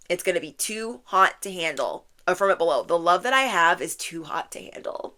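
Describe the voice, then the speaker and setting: A woman in her thirties giving a channeled tarot reading, animated and playful, acting out her listeners' thoughts in quick voices and laughing often. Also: on the low side. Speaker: tarot reader.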